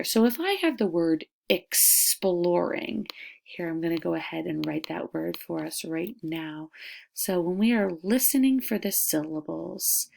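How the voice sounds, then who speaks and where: A woman teaching a lesson to young children, stretching words out slowly and sounding them out in an encouraging classroom voice. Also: lowish voice, lively intonation, gravelly. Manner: slow, drawn-out syllables, modeling sounds out loud.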